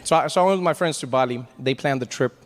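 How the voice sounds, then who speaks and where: A male stand-up comedian from South Africa telling a travel story, with animated storytelling. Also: mid-range voice, fast, big-room sound. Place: comedy stage before an audience.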